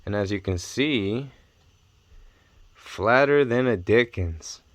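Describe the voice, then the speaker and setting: Excitable young man, slow and dry. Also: lowish voice, no room sound. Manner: excitable, repeats exclamations of amazement. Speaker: card collector vlogger. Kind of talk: casual unboxing chat.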